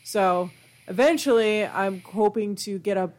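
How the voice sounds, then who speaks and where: Woman, podcast co-host, casual chat, relaxed. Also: mid-range voice, measured pace.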